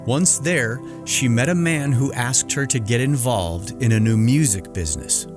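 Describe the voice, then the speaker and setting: Male host, scripted narrator, measured and formal, clear music bed. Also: medium pitch. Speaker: podcast host.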